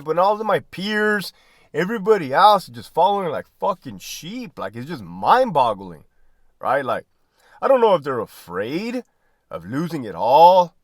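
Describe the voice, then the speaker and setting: A man's voice: on the high side, no echo, studio quality. A man who was a prison lieutenant, talking bluntly and profanely to viewers, often tagging "right?" and "man". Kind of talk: candid casual monologue.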